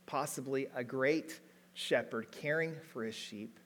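A man preaching a sermon, reading scripture aloud and retelling it in plain everyday words, slowing down and lifting his voice to stress key words. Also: medium pitch, a bit bright. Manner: retells the story in everyday paraphrase between readings.

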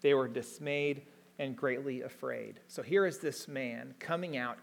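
A male preacher delivering a sermon, moving between read scripture and loose everyday retelling. His voice sits at an ordinary middle pitch, and he slows down and rises in volume to press home key words. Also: creaky. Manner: retells the story in everyday paraphrase between readings.

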